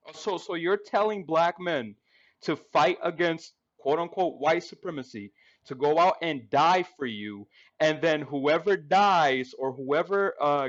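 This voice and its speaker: A man arguing in a heated panel discussion, mocking and profane. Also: a little high. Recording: dull lo-fi audio.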